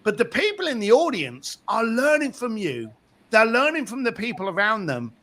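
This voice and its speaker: Lively high-voiced storytelling man. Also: moderate pace. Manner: acts out other people's voices while telling anecdotes. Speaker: author being interviewed. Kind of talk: animated storytelling in conversation.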